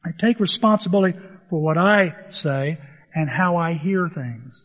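A male pastor preaching a sermon, telling stories in an animated way and acting out the dialogue. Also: a little high, normal speed. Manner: animated storytelling, acts out dialogue. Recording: dull, long reverb in a hall.

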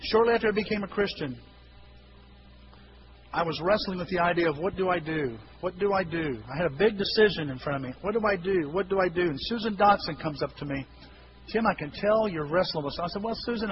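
A male pastor preaching a sermon, telling stories with lively acted-out voices and sudden shouts. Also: sits high, fast. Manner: animated storytelling, acting out voices with shouts. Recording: dull lo-fi recording with hiss.

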